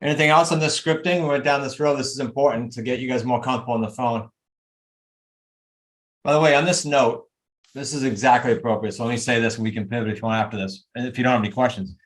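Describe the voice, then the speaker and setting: A man's voice: medium pitch, fairly even intonation. A man leads a group coaching call over video in a mid-range voice. He talks emphatically and pushes his listeners with motivational energy. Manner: emphatic, motivational, rapid asides. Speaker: real estate coach.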